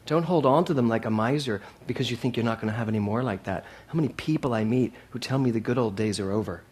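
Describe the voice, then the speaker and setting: A man preaching a sermon to a congregation. He repeats his key phrases and swings between loud emphatic lines and soft asides. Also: mid-range voice, quick pace, slightly rough. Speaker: minister.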